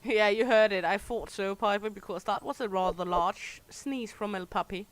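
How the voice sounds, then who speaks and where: A woman's voice: medium pitch, moderate pace. A young adult woman, a native Danish speaker, chatting casually with viewers on a game livestream, playful and bawdy, swearing freely and laughing often. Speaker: game streamer.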